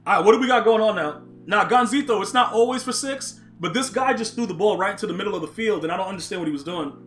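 A man's voice: high-pitched, fast, fairly bright tone. A young man live-streaming a football video game, reacting to chat and play, often repeating himself. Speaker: gaming streamer.

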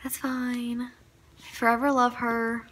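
A woman's voice: on the high side, level tone, takes it slowly, a bit bright. A young woman chatting casually in a vlog, enthusiastic and a little rambling as she talks through her week and her books. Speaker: book vlogger.

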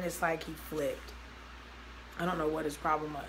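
A woman's voice: low voice, little pitch movement, normal speed, pauses often, fairly bright tone, slight background noise, rough recording. A young woman vlogging a personal story, talking loosely and acting out both sides of each conversation. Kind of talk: storytime vlog.

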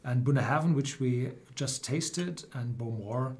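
A man, a German native speaker, hosting a whisky tasting livestream and explaining the regions with many pauses and restarts. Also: mid-range voice, a little mellow, slight background noise. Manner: hesitant, many fillers and restarts.

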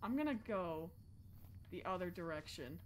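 A young woman streaming horror games, jumpy and profane, swinging from low muttering to sudden shouts. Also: expressive, moderate pace, slight background noise. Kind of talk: live-stream gameplay commentary.

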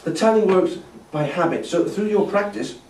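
A man's voice: high voice, lively intonation, normal speed, a little mellow, slight background noise. A man teaching a brass masterclass, patiently explaining and demonstrating tonguing syllables. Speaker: brass instructor. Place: festival hall. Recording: echoey hall from a distance.

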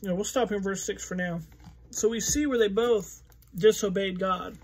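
Male pastor, high-pitched, relaxed conversational Bible teaching with frequent fillers. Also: moderate pace. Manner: conversational, thinking aloud with fillers.

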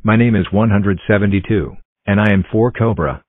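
Man voicing a low counting-block guy. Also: brisk, no echo, close to an everyday voice. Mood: announcing. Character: cheerful male counting block character. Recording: tinny dry lo-fi audio.

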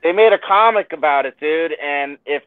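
A man from the San Francisco Bay Area co-hosting a podcast, chatting in a relaxed way and fondly recalling things. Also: fairly high pitch, normal speed, clear, resonant tone, no echo. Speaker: podcast co-host. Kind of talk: casual chat. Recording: tinny phone-like line, dry.

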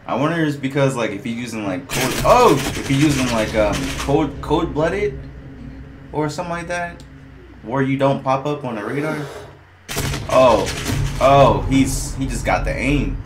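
A man giving casual gameplay commentary, excitable and trash-talking, laughing often and yelling at opponents. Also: medium pitch, normal speed, noisy background. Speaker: gamer streamer.

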